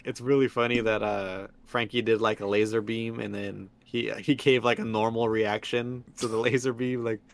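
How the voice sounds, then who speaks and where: A man's voice: lowish voice, level tone, normal speed, creaky, few pauses. A man co-hosting a podcast in casual chat, easygoing, laughing often and restarting his sentences. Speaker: podcast co-host.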